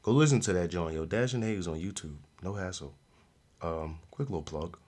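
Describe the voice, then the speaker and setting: A young man hosting a podcast, giving a casual, slangy review of a show with frequent laughs and animated outbursts. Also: moderate pace. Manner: animated, slangy, laughs often, loud jumps in pitch. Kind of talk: casual solo review chat.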